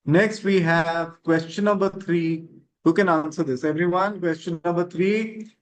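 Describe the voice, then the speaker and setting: A man's voice: fairly high pitch, steady tone, measured pace, rough recording. A man teaching an online grammar class, encouraging students and checking with "right?".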